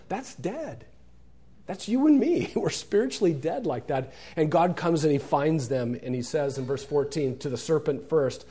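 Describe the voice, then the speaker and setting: A man's voice: fairly high pitch, expressive, measured pace, mellow. A man preaching a sermon, reading scripture aloud with earnest emphasis. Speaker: pastor.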